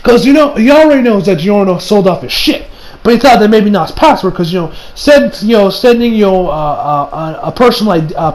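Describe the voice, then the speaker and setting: Man, high voice, casual recap, rambling, restarts, swears. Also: a little hiss or hum, poor audio. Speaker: anime reviewer.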